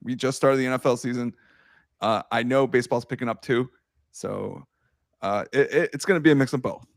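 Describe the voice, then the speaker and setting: An excitable young man hosts a casual sports chat, laughing often and swearing freely. His voice sits in an ordinary middle pitch. The sound is dry and close, with no room around it. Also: fairly quick, gravelly, no room sound. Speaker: podcast host.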